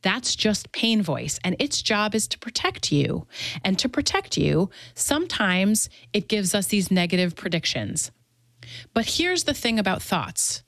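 A woman who treats chronic pain, answering interview questions in a clear, earnest teaching tone. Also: mid-range voice, a bit bright, no echo. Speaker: pain therapist.

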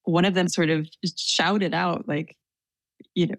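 Low-voiced woman telling a story. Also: fairly even intonation, measured pace, dry recording. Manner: hesitant, self-deprecating, laughs while telling. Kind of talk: casual storytelling.

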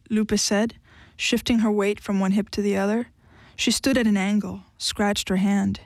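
A woman giving an audiobook narration in an even, measured storytelling manner. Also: medium pitch, no echo.

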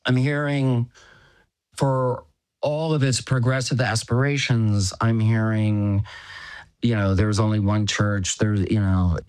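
A middle-aged man telling a personal story in a halting, reflective way, often stopping on "you know" and chuckling as he goes. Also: fairly low pitch, steady tone, darkish tone, clean tone, dry recording. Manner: chuckles as he talks.

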